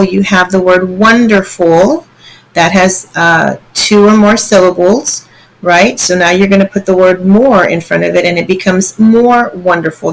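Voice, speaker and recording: A woman's voice: mid-range voice, a little hiss or hum, rough recording. A woman teacher walking students through slides in a recorded online lesson, patient and step by step, often checking in with "okay?".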